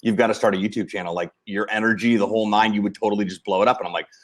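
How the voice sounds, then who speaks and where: A man hosting a casual talk show, relaxed and chatty as he tells his own story. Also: on the low side, very fast. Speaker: host. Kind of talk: casual chat.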